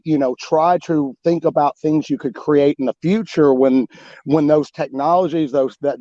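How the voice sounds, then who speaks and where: A man talking about his book as a guest in a casual interview, rambling and animated, with many restarts and fillers. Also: fairly high pitch, dry recording, dull audio. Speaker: guest author.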